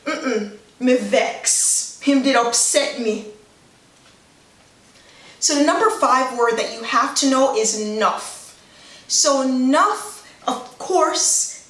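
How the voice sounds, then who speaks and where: A woman teaching slang words in a casual video lesson, chatty and acting out example phrases with lively emphasis. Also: a little high. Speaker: language teacher. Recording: roomy echo, somewhat far from mic.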